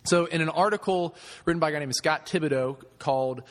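A man with a brisk, slightly high voice preaches casually and conversationally, using filler words, in an echoey hall with long reverb.

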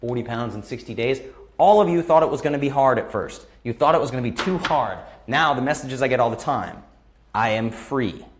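A man in his thirties hosts a live Q&A stream as a motivational talk, speaking at medium pitch with lively intonation and a brisk pace. He is blunt and impassioned, gets worked up, and repeats phrases for emphasis.

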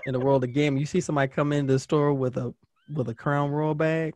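A man's voice: a little high, steady tone, quick pace, a little mellow, a little hiss or hum. A man co-hosting a podcast, chatting casually in a joking, slangy way into a foam-covered mic. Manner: laid-back, joking, slangy. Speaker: podcast co-host. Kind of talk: casual chat.

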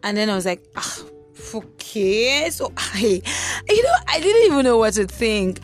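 A woman's voice: medium pitch, normal speed. A young woman telling a personal story as a motivational talk, acting out the voices of the people in it. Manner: animated, acts out voices of others. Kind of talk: storytelling monologue. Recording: faint music behind.

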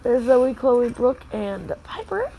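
A woman filming her children playing outside in the snow, narrating casually and calling out gentle, firm warnings to the kids. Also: fairly high pitch, very animated, slow, slight background noise, poor audio. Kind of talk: casual family vlog. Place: outdoors in the snow.

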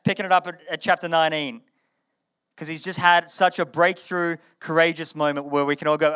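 A man preaching a sermon to a live audience, retelling a story in a conversational, animated way and often repeating his words. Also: on the high side, fairly quick, smooth.

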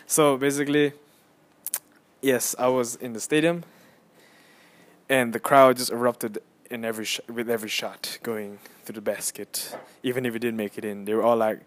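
A young man hosting a casual solo podcast on his phone, rambling and excitable as he tells a story with lots of fillers and restarts. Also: mid-range voice, normal speed. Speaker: podcast host.

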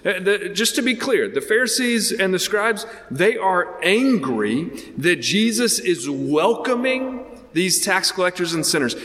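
Earnest man preaching in a reverberant hall. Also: a little high. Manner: earnest, animated preaching with frequent restarts and rhetorical questions. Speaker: pastor. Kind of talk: sermon.

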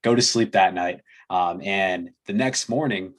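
A young man telling a casual story as a podcast guest, relaxed and full of fillers. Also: low voice, a little slow. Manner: relaxed, many fillers, laughs between phrases. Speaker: podcast guest, fitness coaching business owner.

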